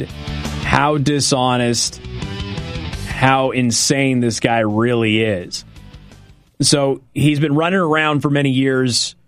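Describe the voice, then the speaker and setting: A man hosting a political talk radio show, delivering an emphatic, sarcastic monologue and repeating points slowly for effect. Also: medium pitch.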